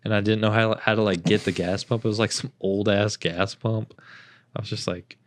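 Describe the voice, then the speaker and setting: A man's voice: on the low side, steady tone, normal speed, no room sound. A young man co-hosting a podcast, telling rambling stories in casual chat, swearing freely and mimicking the people he talks about. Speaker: podcast co-host.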